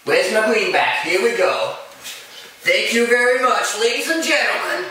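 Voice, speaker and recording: A man's voice: sits high, expressive, normal speed, pushed and bright. A man doing a crude, profane Hollywood actor. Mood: boastful. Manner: profane rambling rant. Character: crude jittery male Hollywood actor craving drugs. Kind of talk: parody impression monologue. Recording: echoey room, far from the mic.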